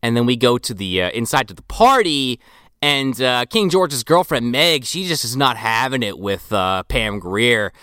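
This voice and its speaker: A man talks through a movie on a podcast with a lively, swooping delivery and a bright, forward tone. He is loose and profane, piling in fillers as he recaps scenes. The sound is dry and close to the mic. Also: mid-range voice, moderate pace, smooth, no room sound. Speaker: film podcast co-host. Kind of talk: casual film discussion.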